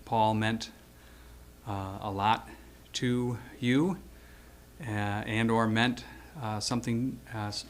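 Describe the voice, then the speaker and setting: A man's voice: lowish voice, steady tone, takes it slowly, a little hiss or hum. A man around seventy reading a prepared eulogy for an old friend, hesitant at first and then telling stories with acted-out quotes.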